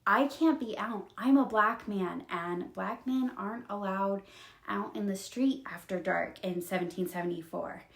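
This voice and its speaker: A woman reading out the hushed, cautious lines of a worried grown man in a storytelling retelling. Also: medium pitch, unhurried, gravelly, roomy sound.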